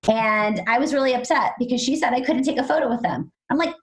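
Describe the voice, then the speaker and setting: A woman co-hosting a podcast, chatting casually and telling lively stories with acted-out quotes. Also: fast, hardly any pauses, poor audio. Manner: animated storyteller, acts out quotes in a high excited voice. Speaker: podcast co-host.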